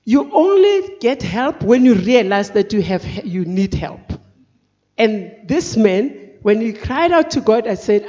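A woman preaching an earnest, halting, emotional personal testimony. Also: on the high side, sing-song, mellow. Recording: dull recording in a reverberant hall.

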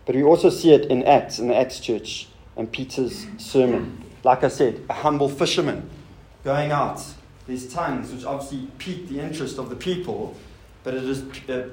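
A man's voice: medium pitch, moderate pace, darkish tone. Man preaching in a roomy hall. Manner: rhetorical questions, informal asides to the congregation. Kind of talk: sermon. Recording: roomy hall sound with faint noise.

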